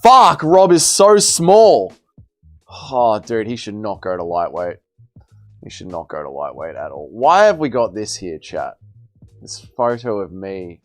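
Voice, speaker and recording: A man's voice: lowish voice, big pitch swings, measured pace, faint music behind. A young man hosting a casual livestream, bantering as he reads and answers viewers' chat messages. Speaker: livestream host.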